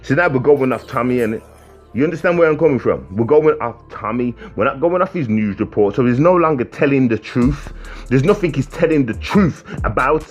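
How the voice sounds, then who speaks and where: A man's voice: medium pitch, animated, a little fast, soft background music. A British man giving a profane, repetitive, confrontational rant for a video commentary. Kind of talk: ranting vlog commentary.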